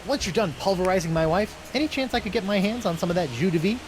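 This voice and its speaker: A hapless, wisecracking pirate hero in an adventure game. He talks quickly and lightly, his voice sitting high and bouncing all over the place. He jokes his way through trouble. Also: lively intonation, background noise. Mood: playful. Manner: quick, breezy, joking.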